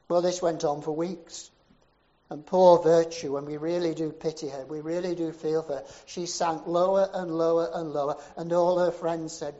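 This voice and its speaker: A man preaching, telling his sermon as a story. His mellow, darker voice builds through repeated phrases to emphatic peaks, then drops low and quiet. The recording sounds dull and muffled. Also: fairly even intonation, normal speed. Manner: rhythmic repetition, rising to emphatic peaks then dropping low.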